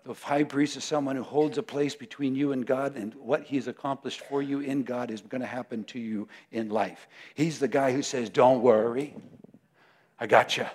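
Animated, laughing male preacher. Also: mid-range voice, normal speed, few pauses. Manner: animated and conversational, often laughing, acting out voices. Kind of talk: sermon.

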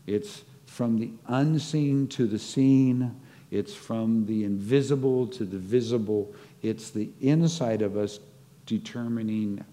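A man's voice: mid-range voice, dark tone. A man preaching a sermon, reflecting on scripture and acting out short stories as he teaches. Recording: long hall reverb.

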